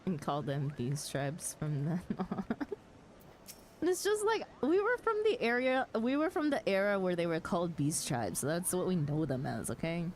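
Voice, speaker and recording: Giggly woman streamer with a lively voice. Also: on the low side, moderate pace, a little hiss or hum. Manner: giggly, casual, swears mildly, talks to chat. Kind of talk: live game stream commentary.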